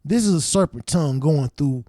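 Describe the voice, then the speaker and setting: A man hosting his own show, telling a story in a casual, profane, animated way and acting out his younger self's reactions. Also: a little high, moderate pace, no room sound, studio quality. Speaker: show host.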